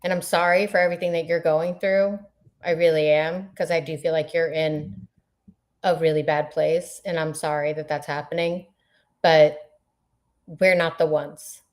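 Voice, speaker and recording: A woman's voice: low-pitched, fairly even intonation, moderate pace. A woman co-hosting a casual chat show, blunt and exasperated, speaking plainly to listeners. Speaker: podcast co-host.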